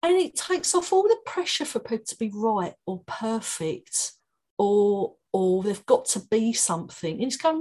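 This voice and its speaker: Warm Cockney woman, calming and encouraging, podcast guest. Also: a little high, a little slow. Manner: encouraging, laughs often. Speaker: guest, creative writing tutor. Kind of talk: podcast interview.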